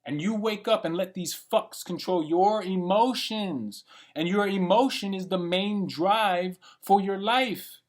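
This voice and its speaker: A vlogger in his late twenties delivers an unscripted, blunt, profane, rambling rant monologue. His voice sits high and he speaks slowly.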